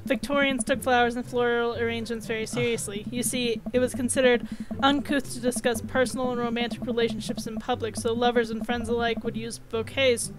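A woman's voice: a little high, level tone, fairly quick, close to an everyday voice, rough recording. A woman voicing a refined, formal goth man who speaks in an old-fashioned, lecturing way.

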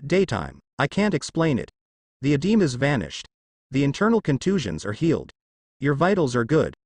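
A man reads as a baffled hospital doctor running through findings in a clinical manner. The voice moves widely in pitch. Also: huge pitch swings, normal speed, no echo. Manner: clinical, puzzled.

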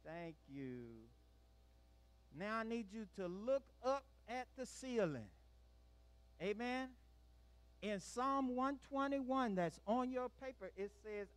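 A woman's voice: on the high side, expressive, slow, no room sound. A woman leading children in church, coaxing them through call-and-response lines to repeat after her. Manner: coaxing, prompts the group to repeat. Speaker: children's worship leader.

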